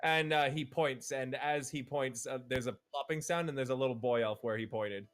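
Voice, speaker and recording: A man's voice: medium pitch, moderate pace, a bit bright, soft background music. A man narrating as game master for a tabletop game, playfully voicing the characters.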